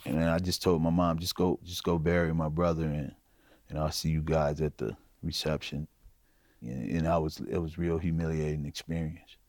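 A middle-aged man from Chicago giving a personal testimony in a halting, informal way, full of fillers. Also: rumbling low, fairly even intonation, a little mellow, no room sound, studio quality. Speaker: interviewee.

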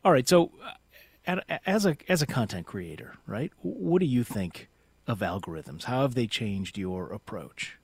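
A male radio host speaks in the polished manner of a trained broadcaster. His pitch swings a lot as he talks. The studio sound is close and dry, with no room echo. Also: moderate pace, slightly rough. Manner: lively broadcaster delivery. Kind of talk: radio interview.

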